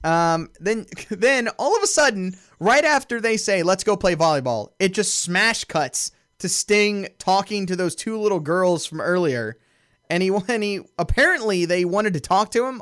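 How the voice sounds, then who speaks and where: A man's voice: sits high, fairly bright tone, no echo, studio quality. A man co-hosting a podcast, chatting casually and animatedly, laughing often as he recaps a show. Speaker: podcast co-host.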